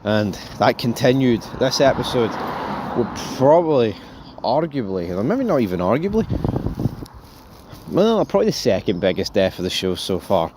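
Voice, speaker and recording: A man hosting a casual TV review, rambling and animated, swearing freely and calling viewers folks. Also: mid-range voice, normal speed, background noise. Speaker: show host, TV reviewer.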